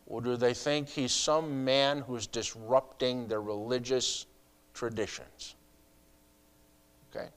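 Middle-aged male pastor, sermon delivery, slightly high and resonant, conversational with rhetorical questions. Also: a bit bright.

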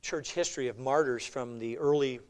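A middle-aged male pastor preaching a sermon, animated, moving between loud emphatic lines and quiet intense ones. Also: medium pitch, normal speed, clean tone.

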